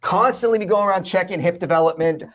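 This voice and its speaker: A man debating, arguing his points quickly. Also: sits high, fairly bright tone. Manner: quick, argumentative.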